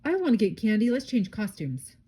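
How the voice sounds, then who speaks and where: A woman reading aloud, voicing a grumpy, bossy bear who shouts and scolds in a raised voice. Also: medium pitch, a little fast, noisy background, lightly acted. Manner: loud and scolding.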